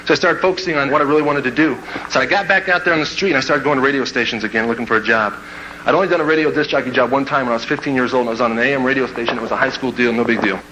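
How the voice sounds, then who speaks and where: A man from Kansas giving a motivational speech, telling a story to a live audience in an animated way and acting out scenes with sound effects and quoted voices. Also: medium pitch, very fast, a little hiss or hum, low-quality recording. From Kansas, USA. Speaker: motivational speaker.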